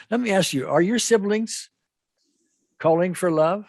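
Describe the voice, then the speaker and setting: A man working as an EFT practitioner, talking a client through a guided imagery exercise with slow, gentle, repetitive coaching. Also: high voice, very animated, creaky, no room sound. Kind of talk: guided imagery therapy session.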